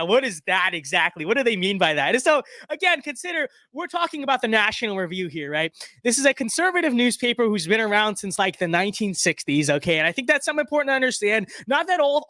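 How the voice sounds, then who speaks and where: A man's voice: sits high, pushed and bright, no echo, clean studio sound. A young man reacting to an article on a livestream, talking casually, rambling and sarcastic, often restarting his sentences. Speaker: political commentator streaming.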